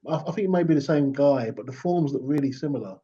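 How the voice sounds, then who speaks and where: Mellow, husky man agreeing. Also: on the high side, fast talker, dull audio. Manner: agreeable, lots of yeahs. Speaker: podcast co-host. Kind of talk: casual chat.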